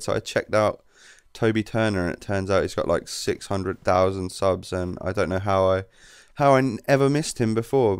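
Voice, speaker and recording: Chill guy rambling thru game tips, lowish smooth voice, dry close mic. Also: no room sound. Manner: relaxed, rambling explanations. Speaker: gameplay commentator. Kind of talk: casual gameplay commentary.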